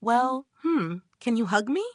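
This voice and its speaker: A woman's voice: medium pitch, very animated, normal speed, a bit bright, dry recording, studio quality. A woman voicing a bossy but shy young sister in a manga recap, with a snappy, flustered manner.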